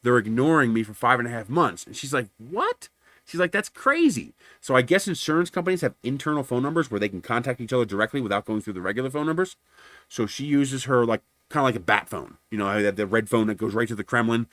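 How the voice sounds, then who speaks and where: A man's voice: medium pitch, fast, fairly bright tone, no echo. A man hosting a livestream, casually telling a long story, acting out both sides of phone calls and swearing freely. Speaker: livestream host.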